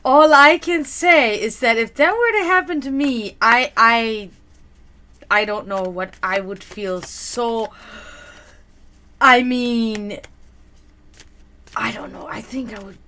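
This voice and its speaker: A woman's voice: a little high, slow, pauses often, pushed and bright. A woman hosting a live psychic reading stream, chatting casually with viewers and easily flustered into laughter. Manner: reads tarot cards for viewers.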